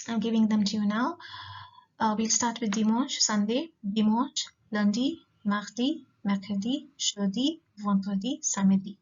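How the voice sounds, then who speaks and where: Patient woman teaching, slightly high. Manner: patient, repeats words slowly, switches between French and English. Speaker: French teacher. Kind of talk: recorded lesson explanation. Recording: dull lo-fi recording.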